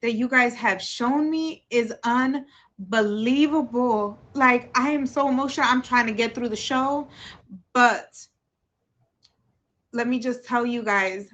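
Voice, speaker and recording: An effusive woman hosting a livestream chat, her voice bright and a touch high. She lingers over her words at an unhurried pace, gushing warmly to viewers and guest. The stream audio sounds a little dull and lo-fi. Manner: excitable, emotional, effusive. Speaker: livestream talk show host.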